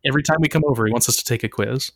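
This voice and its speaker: A man's voice: medium pitch, very fast, fairly bright tone, dry recording, clean studio sound. A man hosting a comedy podcast, reading out facts playfully and laughing often. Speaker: podcast host. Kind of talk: casual comedic chat, presenting facts.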